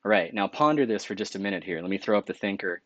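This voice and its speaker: A man giving a recorded math lecture, relaxed and conversational, correcting himself now and then as he works through the steps. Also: lowish voice, quick pace, no echo, highs cut off.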